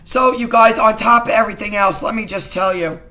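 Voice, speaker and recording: A middle-aged woman talks straight to her camera in an agitated, indignant personal rant. Her voice has a bright, sharp edge, and she circles back over the same points and repeats lines. The pitch sits in a middle range for a woman. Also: fairly quick. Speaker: vlogger.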